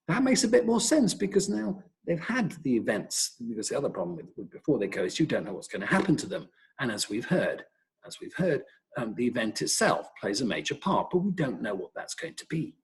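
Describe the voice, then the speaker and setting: A middle-aged British man speaking in a webinar, his voice gravelly with a wide, animated swing in pitch. He tells wry, lively anecdotes as a professor recounting his research. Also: fairly quick, low-quality recording. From Britain. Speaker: professor, epidemiologist.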